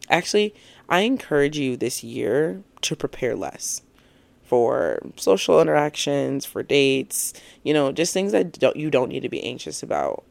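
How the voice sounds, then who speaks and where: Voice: medium pitch, big pitch swings, measured pace, gravelly, dry recording. A speaker in their twenties giving a casual, encouraging monologue as a vlogger, earnest and reflective, often laughing at their own points. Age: 20s.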